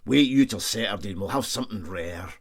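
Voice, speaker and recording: A man's voice: fairly low pitch, animated, brisk. A man voicing a breezy, affable male ship's cook with a Scottish accent, talking in a raised voice.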